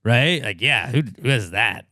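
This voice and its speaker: A man's voice: medium pitch, lively intonation, measured pace, bright, forceful tone, no room sound, clean studio sound. A man in his thirties, co-hosting a podcast, who tells rambling, profane stories full of filler words in casual chat. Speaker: podcast co-host.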